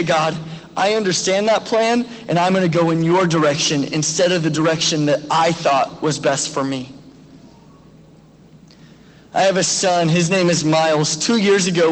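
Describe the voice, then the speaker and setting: Pastor, man in his 30s, high tenor, earnest exhorting sermon, long hall echo. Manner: earnest, exhorting, asks direct questions. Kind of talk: graduation sermon and prayer.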